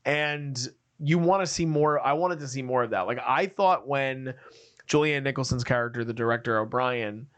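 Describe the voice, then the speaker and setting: Animated man co-hosting a film podcast. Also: medium pitch, normal speed, clean tone. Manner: animated, acts out scenes in quoted voices. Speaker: podcast co-host. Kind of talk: casual film review chat.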